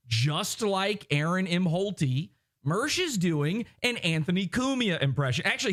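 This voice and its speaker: Animated ranting male podcast host. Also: on the high side. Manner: animated, mocking, slips into impressions. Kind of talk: ranting livestream commentary.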